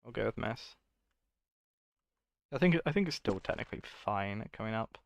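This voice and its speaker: A man's voice: on the low side, lively intonation, moderate pace, vocal fry, dry recording. A man streaming himself coding, thinking aloud in a casual, muttering way and correcting himself as he goes.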